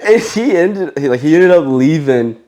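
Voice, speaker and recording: A man's voice: fairly high pitch, lively intonation, moderate pace, warm tone. A man, a chef and podcast guest, telling a story in casual chat, acting out quoted dialogue and laughing often.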